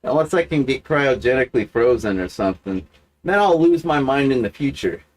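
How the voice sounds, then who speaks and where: A man's voice: expressive, fairly quick. A man hosting a livestream, talking to camera in a profane, self-mocking, wandering monologue. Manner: wide sudden pitch swings. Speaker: livestream host. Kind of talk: rambling casual monologue.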